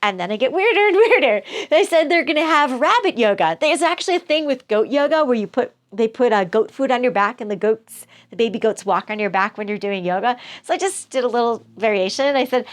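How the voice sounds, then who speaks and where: Woman vlogger, fairly high voice, animated storyteller who laughs a lot, chatting casually to camera. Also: a little fast, hardly any pauses. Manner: animated, laughs through her stories. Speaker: vlogger giving prank tips.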